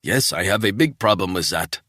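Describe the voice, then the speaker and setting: A man voicing a wary, reluctant Swiss man who speaks quietly and doubtfully. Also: low-pitched, animated, normal speed, dry recording, studio quality. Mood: uneasy.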